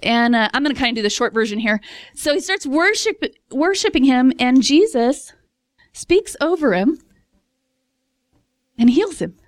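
A woman preaching a casual sermon in a chatty, expressive way, laughing often and acting out voices. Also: sits high, measured pace, pauses often, dry recording.

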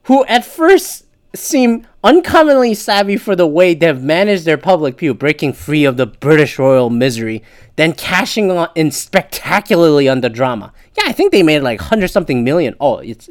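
Podcaster reading an article out loud and cursing at it, voice jumps all over, sarcastic. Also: mid-range voice, big pitch swings, fairly quick. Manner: profane, sarcastic asides between read passages. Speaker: podcast host. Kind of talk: casual podcast commentary, reading an article aloud.

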